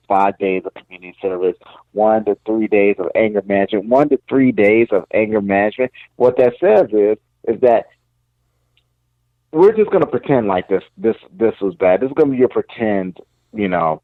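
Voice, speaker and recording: A man's voice: mid-range voice, dry recording. Man, podcast co-host, emphatic, laughs a lot, dry sound, slightly muffled lo-fi mic. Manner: emphatic, laughs and reacts often. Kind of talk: casual sports talk.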